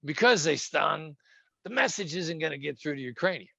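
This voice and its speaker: A man being interviewed as a former hostage negotiator, talking conversationally and acting out tones of voice that move between gentle and sharp. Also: on the high side, lively intonation, normal speed, creaky, no room sound.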